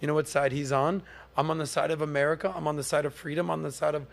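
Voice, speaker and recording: A man's voice: fairly high pitch, flat delivery, racing, gravelly. A man in his forties, a podcast host, telling a casual story with energy and acting out quotes in mock voices. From Miami area.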